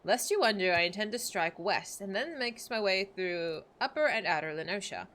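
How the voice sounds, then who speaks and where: A woman's voice: mid-range voice, lively intonation, moderate pace, a bit bright, natural voice. A woman reading out the formal, old-fashioned lines of an earnest young male scholar from a video game. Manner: reads stiff archaic game dialogue aloud.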